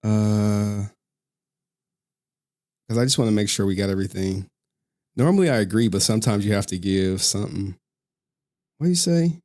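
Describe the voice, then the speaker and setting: A man's voice: fairly low pitch, lively intonation, normal speed, long pauses, a little mellow. A male streamer in a casual, profane rant to his viewers, slangy and often laughing.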